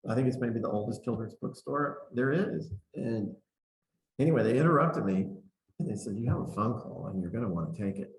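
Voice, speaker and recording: Guest author, male, low-pitched, lively storyteller who acts out the dialogue, recorded in an echoey room. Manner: animated anecdote teller, acts out dialogue. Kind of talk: storytelling in an interview. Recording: roomy echo.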